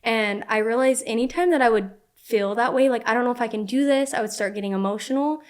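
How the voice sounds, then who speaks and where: A young woman, guesting on a podcast, shares a personal story casually and fast. Her pitch is a little high and her delivery lively, full of "like" fillers, with quoted lines performed rather than just repeated.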